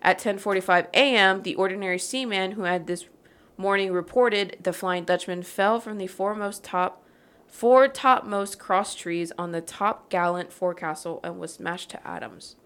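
Woman podcaster reading a spooky legend, bright sharp voice, jokes and swears a lot. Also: mid-range voice, moderate pace. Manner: joking, swears freely, laughs often while reading. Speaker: podcast host. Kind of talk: casual storytelling chat.

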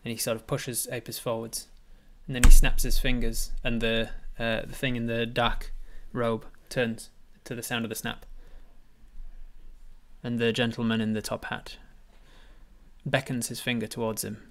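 A man's voice: medium pitch, flat delivery, moderate pace, fairly bright tone. A man acting as game master, narrating a tabletop game with vivid description.

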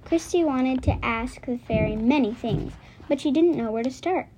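A woman hosting a story channel, reading a children's chapter book aloud slowly and carefully, with occasional slips. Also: high-pitched, background noise. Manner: slow, careful, some slips.

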